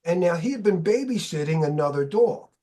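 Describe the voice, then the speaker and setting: High, husky-voiced male podcast host. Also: fairly quick. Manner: animated storyteller, swears freely. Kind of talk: casual chat.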